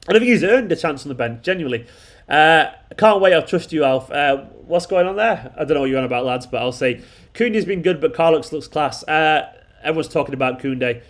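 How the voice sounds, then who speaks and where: Fast-talking excitable man. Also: on the high side. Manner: excitable, emphatic, repeats himself. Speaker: football fan channel host. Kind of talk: live post-match reaction reading viewer comments.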